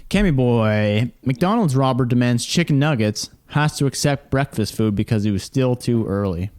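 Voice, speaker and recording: A man's voice: medium pitch, animated, normal speed, a little mellow. A man co-hosting a podcast, telling news stories casually with loose swearing. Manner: loose storytelling, swears freely. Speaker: podcast co-host. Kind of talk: casual chat.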